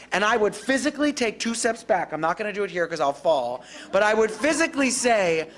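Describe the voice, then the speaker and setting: A woman giving a live workshop on dementia care, animated and acting out calm, reassuring caregiver lines. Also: medium pitch, brisk, hardly any pauses.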